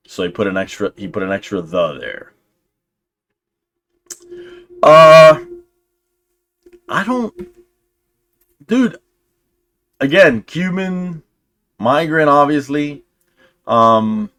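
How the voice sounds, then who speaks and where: A young man hosting a casual reaction commentary, sarcastic and animated, dropping slang and restarting his sentences. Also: on the high side, unhurried. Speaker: commentary channel host.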